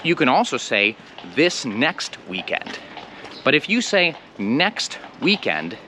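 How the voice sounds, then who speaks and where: A man with an American accent giving a casual spoken English lesson, slowing down to model example phrases. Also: mid-range voice, very animated, pushed and bright. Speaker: English teacher. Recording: clear street and traffic noise.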